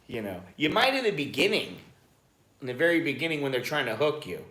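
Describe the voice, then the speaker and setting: An American man streams live from his home in Bangkok, chatting casually and rambling with a bit of cursing. His mid-range voice is very animated, fairly quick, bright and forceful, and the room gives it a roomy echo.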